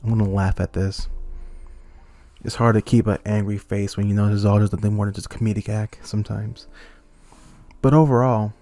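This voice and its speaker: A young man talking into a close mic as a YouTuber, ranting heatedly and swinging between angry outbursts and calmer stretches. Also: on the low side, fairly quick, no echo, faint music behind. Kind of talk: ranting commentary.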